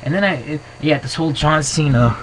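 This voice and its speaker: A man giving his opinions in a casual vlog to his camera. He rambles excitably and fills his talk with "you know". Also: on the high side, a little fast, background noise. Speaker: wrestling vlogger. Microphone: built-in camera mic.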